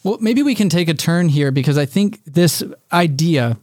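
A man's voice: fairly high pitch, lively intonation, normal speed, a little mellow, dry recording, studio quality. A man hosting a podcast, thinking aloud as he frames long questions for his guest. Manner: thoughtful, thinking aloud while framing questions. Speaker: podcast host. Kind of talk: casual interview talk.

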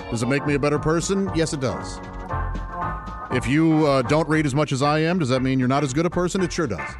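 A man hosting a casual solo podcast, chatty and rambling and laughing often. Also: medium pitch. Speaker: podcast host.

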